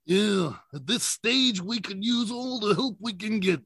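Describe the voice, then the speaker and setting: A man's voice: sits high, expressive, unhurried, fairly bright tone, slightly rough, dry recording, heavily acted. A man voicing a tough female robot warrior, blunt in manner, in a dry recording.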